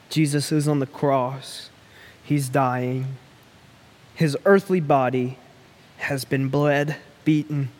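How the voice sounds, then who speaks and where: A man preaching a sermon, earnest and pleading, with long dramatic pauses. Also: medium pitch, darkish tone. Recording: long reverb of a large hall.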